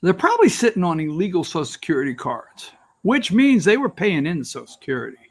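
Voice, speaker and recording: Speaking fairly quickly, the political talk host's high voice swoops wildly in pitch. He delivers sarcastic, rambling opinion straight to his viewers.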